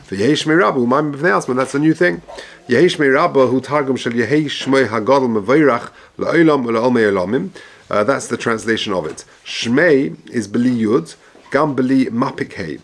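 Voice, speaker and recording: A rabbi giving a text study lesson, reading passages aloud and then explaining them in English in a measured, halting way. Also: male voice, mid-range voice. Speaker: rabbi teaching halacha.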